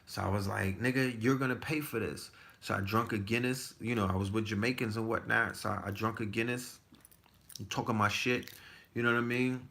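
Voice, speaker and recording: A man's voice: fairly low pitch, steady tone, fairly quick, gravelly, pushed and bright. A man in his forties telling stories in a loose, profane casual chat, full of restarts. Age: 40s. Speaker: podcast guest. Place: Texas.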